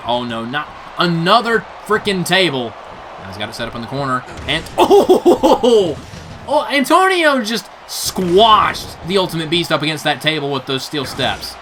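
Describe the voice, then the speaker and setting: A young man giving excited play-by-play commentary on a wrestling match, reacting with gasps and laughs. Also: fairly high pitch, noisy background. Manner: animated, gasping "oh no" reactions, laughs often. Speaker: play-by-play commentator for a video game wrestling show.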